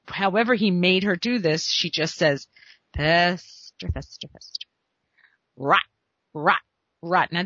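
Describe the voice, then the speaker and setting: Lively woman giving emphatic screenwriting advice. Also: medium pitch, no echo. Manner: animated and emphatic, with rhetorical questions. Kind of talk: energetic advice monologue to viewers. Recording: dull, dry, lo-fi recording.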